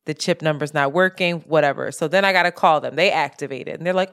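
A woman co-hosting a casual podcast, telling a story in an animated way with sudden jumps in pitch and plenty of swearing. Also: fast talker, few pauses, clean tone. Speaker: podcast co-host. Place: apartment in Brooklyn, street sirens outside.

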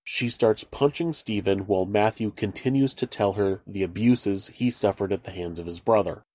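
A man narrating a true-crime video in a flat, matter-of-fact way. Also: lowish voice, normal speed, no echo.

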